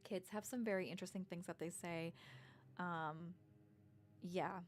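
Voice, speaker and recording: A woman's voice: fairly low pitch, steady tone, a little slow, a little hiss or hum. A woman in her thirties telling personal stories in a rambling, casual way, with many fillers and restarts. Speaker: vlogger. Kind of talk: casual storytelling.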